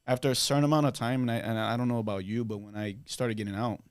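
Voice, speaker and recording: A man's voice: mid-range voice, steady tone, quick pace, clear, resonant tone, no room sound, clean studio sound. An American man in his thirties, a podcast guest, chatting casually and agreeing a lot, swearing freely. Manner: easygoing, many affirming "yeah"s, swears casually. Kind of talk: casual chat.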